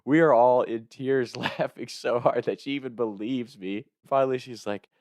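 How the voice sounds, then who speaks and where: A young adult man from Kentucky telling a funny personal story, animated and often laughing as he speaks. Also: medium pitch, moderate pace, dry recording, clean studio sound. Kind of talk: comic storytelling.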